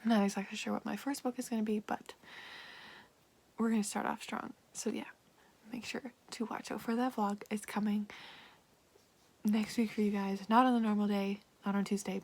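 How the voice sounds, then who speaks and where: A woman's voice: medium pitch, fairly even intonation, moderate pace, a little mellow. A woman with a Canadian accent chatting casually to camera as a book vlogger, giggly and full of likes and ums.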